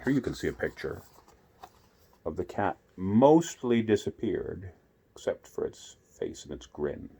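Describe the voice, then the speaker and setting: A man reading a children's classic aloud as a bedtime story, gentle and unhurried, adding asides to the listener. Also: deep voice, big pitch swings, breathy edge.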